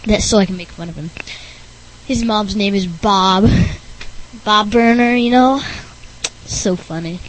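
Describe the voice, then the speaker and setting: A woman's voice: mid-range voice, slight background noise, rough recording. A woman hosting a playful homemade podcast, goofy and teasing. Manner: goofy, teasing, slow-talking. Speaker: podcast host.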